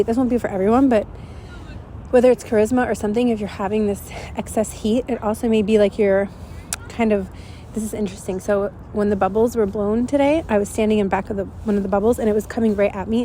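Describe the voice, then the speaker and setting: A woman's voice: mid-range voice, dark tone, a little hiss or hum. A woman giving a casual spoken channeling message, rambling and dreamy with many fillers, a bit congested and stuffy. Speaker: spiritual channeler. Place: outdoors at dusk.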